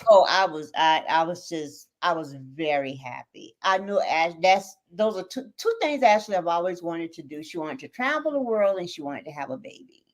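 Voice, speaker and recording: Animated middle-aged woman telling a story. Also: fairly low pitch, normal speed, few pauses. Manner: animated, acts out quotes in a raised voice. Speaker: guest, mother of a podcast host. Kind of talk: storytelling on a live podcast.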